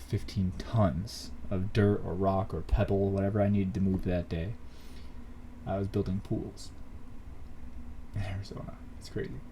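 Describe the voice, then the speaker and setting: A man hosting his own podcast, telling a personal story in a casual, earnest and animated way, full of fillers. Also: lowish voice, a little hiss or hum. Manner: earnest, animated, many fillers like "like" and "you know". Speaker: podcast host.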